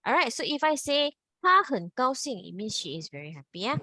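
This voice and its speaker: A woman's voice: high voice, sing-song, fairly quick, sharp tone, no room sound. A woman teacher, patiently explaining grammar over a video call and repeating key points. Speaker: Mandarin teacher. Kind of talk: online class teaching.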